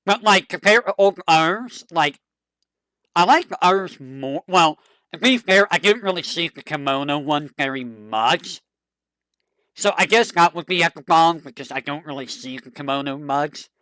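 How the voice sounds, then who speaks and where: An excitable streamer chatting casually with viewers, with a bright, forward voice that swoops up and down and an unhurried pace. The recording is dry and close, with almost no room sound. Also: mid-range voice, no echo. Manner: rambling and excitable, fond tone. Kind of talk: casual chat to a live audience.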